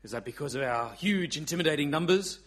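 A man voicing a stern, boastful male dictator with a flat, menacing delivery. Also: on the high side, quick pace.

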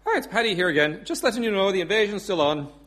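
A man's voice: high-pitched, lively intonation, quick pace, fairly bright tone. A man voicing a cheerful Irish pub man making phone calls, with an Irish accent and chatty, hesitant delivery. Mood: breezy. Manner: chatty, breezy, with hesitant fillers.

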